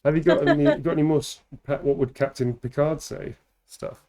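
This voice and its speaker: A man's voice: on the high side, steady tone, fairly quick, dark tone. A tired man hosting a livestream, chatting casually and laughing often as he teases his co-host and thanks viewers. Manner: laughs often, playful and teasing. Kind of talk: casual live-stream chat.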